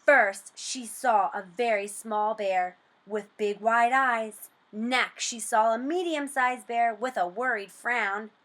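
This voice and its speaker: A woman reading a storybook aloud for children, slow, expressive and sing-song, then asking comprehension questions. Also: on the high side.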